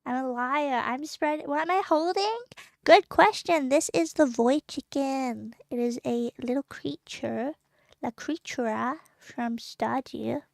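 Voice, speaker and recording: Young female streamer, bubbly and emotional; high voice with some fry, dry close sound. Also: slow pace, dry recording. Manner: giggly, excitable, emotional. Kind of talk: casual live-stream chat.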